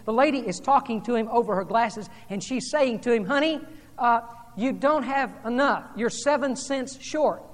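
A woman preacher delivering a sermon, telling a story and then speaking in hushed, earnest tones. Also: on the high side. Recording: long hall reverb.

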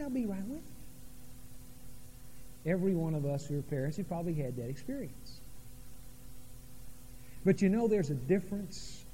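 High-voiced preacher in an echoing church. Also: male voice, mellow, breathy edge. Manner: dramatic preaching, pauses and sudden drops in volume. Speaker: pastor. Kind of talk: sermon. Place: church sanctuary.

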